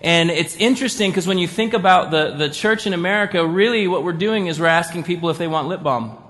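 A man's voice: high voice, quick pace, a bit bright. A man preaching a conversational sermon as pastor, acting out inner voices with little sighs. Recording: long reverb of a church hall.

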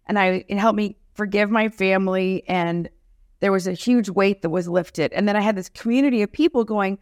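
Appearing as an interview guest, a woman comedian tells her story with animated, self-deprecating humor, acting out the lines of people she quotes. Her voice is mid-range at a moderate pace, with clean studio sound and no echo.

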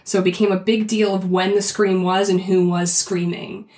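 A woman's voice: fairly low pitch, little pitch movement, normal speed, a little mellow. Woman, roomy echoey sound. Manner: thoughtful, explains step by step. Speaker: podcast co-host. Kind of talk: casual podcast discussion.

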